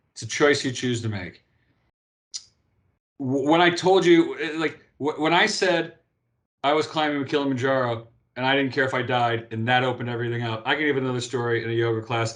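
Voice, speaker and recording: A man's voice: mid-range voice, normal speed. A man in his fifties, a guest in a casual interview, telling stories with lots of restarts and "right?" tags. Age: 50s. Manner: animated storyteller, frequent restarts and "right?" tags. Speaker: guest, former pro beach volleyball player.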